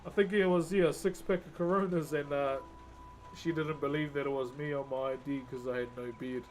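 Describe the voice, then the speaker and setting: A man's voice: on the high side, steady tone, a little fast, darkish tone, soft background music. A man, chatting casually with viewers on a live stream and telling jokey stories, laughing often. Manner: laid-back, jokey storytelling with frequent laughs.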